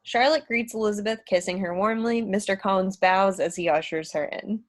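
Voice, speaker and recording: A woman's voice: medium pitch, moderate pace. A woman narrating stage directions in a script reading, a bit hesitant. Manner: hesitant, with fillers.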